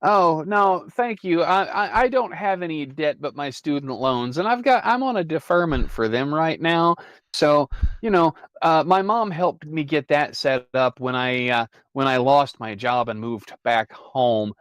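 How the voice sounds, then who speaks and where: Man voicing a flustered young guy on the phone, stammering, apologetic, lively pitch, dry sound. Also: a little slow, smooth, no room sound.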